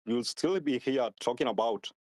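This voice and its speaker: A man from Kenya calling into a live online audio room, arguing in a halting way and repeating his words. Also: mid-range voice, a little mellow, no echo. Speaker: caller.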